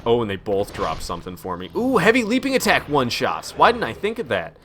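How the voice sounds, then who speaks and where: A man's voice: mid-range voice, huge pitch swings, fairly quick, fairly bright tone, slight background noise. A young man streaming a video game at home, rambling casually and reading chat messages aloud.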